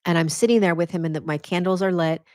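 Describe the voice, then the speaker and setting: A woman hosting a podcast who tells a personal spiritual story straight to her listeners, earnest and animated, often restarting her words when excited. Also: lowish voice, fast talker, no room sound, clean studio sound. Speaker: podcast host.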